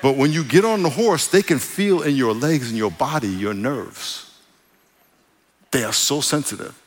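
A man preaching a sermon, reading scripture and then telling personal stories in a conversational, animated way. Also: mid-range voice, normal speed, in a large hall. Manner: conversational, animated storytelling with asides.

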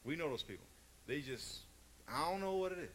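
A man's voice: fairly high pitch, expressive, fairly quick, a bit bright. A male pastor preaches with emphatic, repetitive storytelling. His voice sits a little above the usual range for a man. A faint hum runs underneath. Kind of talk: sermon.

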